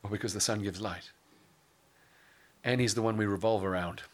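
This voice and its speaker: A man with a lowish voice preaching in a relaxed, conversational way. He moves between scripture and light humorous asides, and his pace slows at times for emphasis. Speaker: pastor. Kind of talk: sermon.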